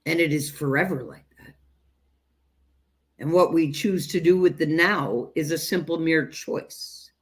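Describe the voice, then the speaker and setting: A woman teaching self-growth in a direct spiritual talk, speaking emphatically and deliberately and addressing listeners as "you guys". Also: sits low.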